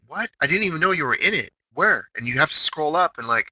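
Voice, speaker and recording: A man's voice: a little high, animated, racing, few pauses, sharp tone, dry recording, low-quality recording. A man hosting a day-trading chatroom recap, talking brashly and emphatically with lots of rhetorical questions. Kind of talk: recorded trading session recap.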